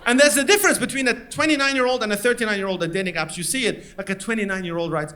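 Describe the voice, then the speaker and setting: A man doing a stand-up comedy set, with punchy, animated delivery and voiced quotes, recorded live with a crowd. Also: sits high, fast, hardly any pauses, slight background noise. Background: audience laughter.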